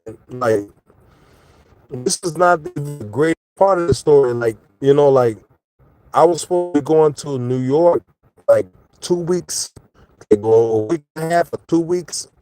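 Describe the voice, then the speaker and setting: A man's voice: fairly high pitch, animated, measured pace, long pauses, a little mellow, soft background music. A man telling a personal story in a casual, rambling way, full of fillers and restarts.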